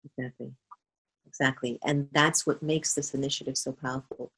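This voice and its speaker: A woman speaking as a spiritual guest in a conversational interview, earnest and animated. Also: a bass voice, moderate pace, husky, rough recording.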